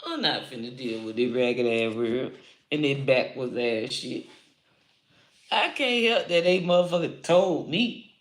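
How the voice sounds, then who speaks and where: A woman comedian ranting to camera, loud and profane, swearing freely and laughing at her own jokes. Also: extremely low pitch, lively intonation, unhurried, reverberant. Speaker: comedian and online creator. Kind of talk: unscripted profane rant to camera.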